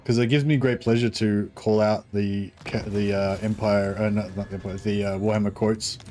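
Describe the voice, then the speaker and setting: A man's voice: on the low side, steady tone, normal speed, a little mellow. A man hosting a gaming channel, giving offhand commentary as he plays, thinking aloud and swearing now and then. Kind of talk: casual gameplay commentary.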